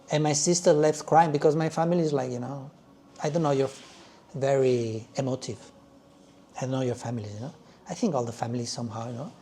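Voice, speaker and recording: A male yoga teacher leading a class in an animated way, with halting phrasing and frequent "yes?" check-ins. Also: on the high side. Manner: loose, halting phrasing with restarts.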